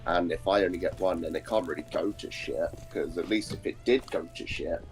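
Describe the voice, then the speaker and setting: A man's voice: sits low, a little fast, faint music behind. A British man chatting bluntly over a voice call, swearing casually. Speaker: stream guest, friend. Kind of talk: casual chat.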